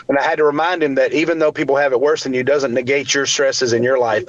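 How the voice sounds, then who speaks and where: A man's voice: mid-range voice, steady tone, fast, few pauses, dry recording, lo-fi sound. A man in his forties, a guest telling his personal story earnestly, with faith woven in and other people's words acted out. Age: 40s. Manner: earnest, faith-filled, acts out quotes of others.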